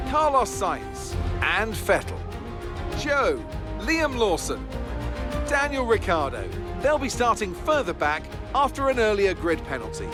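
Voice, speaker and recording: An actor playing a professional male race broadcaster in a racing game, with a polished broadcast delivery. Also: high-pitched. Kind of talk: scripted race commentary. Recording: game audio with clear music behind. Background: game music.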